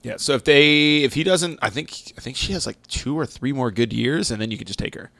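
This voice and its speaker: A man's voice: medium pitch, brisk, gravelly, a bit bright, no echo. Loose, laughing podcast guy. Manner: loose, laughing, swears freely. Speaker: podcast co-host. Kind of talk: casual podcast banter.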